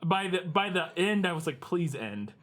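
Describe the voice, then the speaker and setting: A man's voice: high-pitched, fairly even intonation, fairly quick, fairly bright tone, faint music behind. A man co-hosting a podcast, chatting casually about a bad film, laughing often and sounding exasperated. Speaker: podcast co-host. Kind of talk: casual movie review chat.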